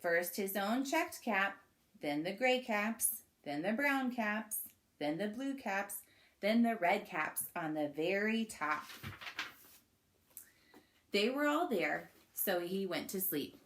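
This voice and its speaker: A woman reads a picture book aloud to young children in a slow, unhurried way, often stopping to invite them to join in. Her voice is bright and clear, and she talks warmly to her little listeners. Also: medium pitch, expressive. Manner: warm, coaxing, asks listeners to join in. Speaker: children's story reader. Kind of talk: storybook reading to children.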